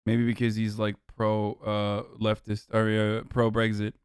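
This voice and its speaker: A man's voice: fairly low pitch, completely flat delivery, a little slow, clean tone, no echo, studio quality. A man giving casual live-stream commentary, blunt and offhand and swearing freely, into a desk microphone. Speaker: livestreamer.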